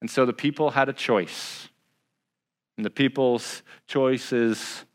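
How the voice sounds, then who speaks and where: A male pastor preaching a sermon in a relaxed, conversational way. He speeds up, then slows down and goes quiet. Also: mid-range voice, long reverb tail. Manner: conversational preaching, shifting from brisk to slow and hushed.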